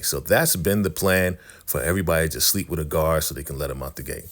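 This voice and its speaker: Man, very low voice, chatty TV recap host, acts out quotes. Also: quick pace, few pauses. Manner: chatty retelling with quoted lines. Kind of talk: casual show recap.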